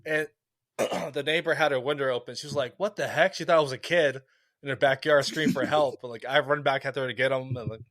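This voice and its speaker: A man co-hosting a relaxed podcast, drifting through long anecdotes with plenty of ums and restarts. His voice sits at an ordinary middle pitch, and the sound is close and dry, without room reverb. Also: fast talker. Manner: rambling anecdotes with many fillers and restarts. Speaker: podcast co-host. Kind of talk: casual chat.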